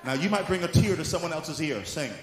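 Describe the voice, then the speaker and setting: A male apostle preaching a sermon, moving from soft teaching into shouted exhortation. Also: a little high, animated, a little fast. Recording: echoey hall with faint room noise.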